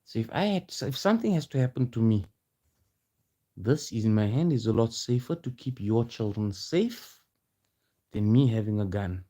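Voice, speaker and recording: A man speaks in a confrontational vlog rant, his voice warm and dark. He presses his listeners with one challenging rhetorical question after another. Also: medium pitch, lively intonation, normal speed. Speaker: vlogger.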